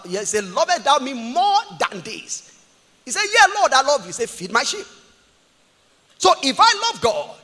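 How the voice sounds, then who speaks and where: A man preaching a sermon as a pastor, impassioned, swinging between shouts and quiet asides. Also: very high-pitched, in a large hall. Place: church.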